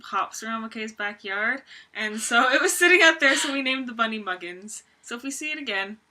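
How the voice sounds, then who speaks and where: Bright young woman telling stories. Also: fairly high pitch, lively intonation, fairly quick. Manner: chatty storyteller with fillers and laughs. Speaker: vlogger. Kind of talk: casual chat.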